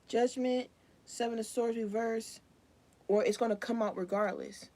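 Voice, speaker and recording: A woman's voice: on the high side, fairly even intonation, moderate pace. A young woman giving a live collective tarot reading in a casual, rambling, slangy way. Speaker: tarot reader.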